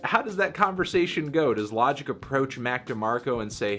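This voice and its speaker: A male critic picks an album apart in a dry, deadpan, sarcastic tone. His pitch sits in an ordinary middle range. Faint music lies under the voice. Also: a little fast. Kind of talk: review commentary.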